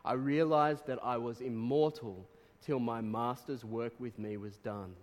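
Preacher with a ringing hall reverb. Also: male voice, mid-range voice, normal speed. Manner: reads quotes aloud, bursts into animated exclamations. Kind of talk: sermon.

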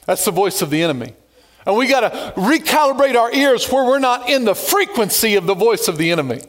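High-voiced, animated male pastor preaching. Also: brisk. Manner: lively, animated preaching with joking asides. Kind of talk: sermon.

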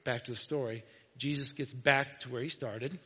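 A man preaching a sermon, retelling a gospel story in a casual, conversational way and often dropping to a soft, hushed voice. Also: mid-range voice, steady tone, normal speed, husky. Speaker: pastor. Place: church sanctuary. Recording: dull, lo-fi church recording with long hall reverb.

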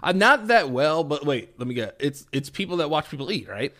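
A man on a podcast with a bright, sharp voice, pushing back on his co-host's jabs. He asks question after question in loose chat and often restarts mid-sentence. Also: a little high, very animated. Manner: defensive, questioning, halting restarts. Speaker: podcast co-host. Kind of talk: casual chat.

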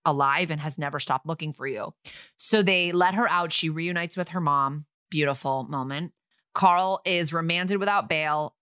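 A woman with a fairly low voice chats through a TV episode recap as a podcast co-host. She puts on playful voices for the lines she quotes. The sound is dry and close, with no room around it. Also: sharp tone, no room sound. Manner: chatty, acts out quoted lines in funny voices. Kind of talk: casual recap chat.

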